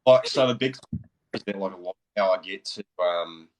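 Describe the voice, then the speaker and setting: A deep-voiced man chatting as a guest on a livestream. He talks in a relaxed, halting way, using plenty of fillers while he explains how he works. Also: rough recording. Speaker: guest voice actor. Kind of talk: casual livestream chat.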